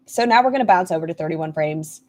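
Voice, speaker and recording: A woman's voice: deep voice, expressive, fast, a little mellow. A woman hosting a casual commentary stream, making snarky, sarcastic remarks.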